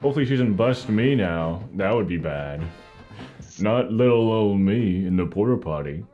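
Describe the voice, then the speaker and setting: A man's voice: lowish voice, animated, normal speed, highs cut off, soft background music. A young man from Canada giving jokey, self-mocking live commentary while streaming a video game.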